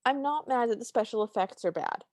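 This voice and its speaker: A woman's voice: fairly high pitch, animated, a little fast, no echo. A woman co-hosting a podcast, talking in an emphatic, indignant way and often repeating a point for effect. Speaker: podcast co-host. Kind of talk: casual chat.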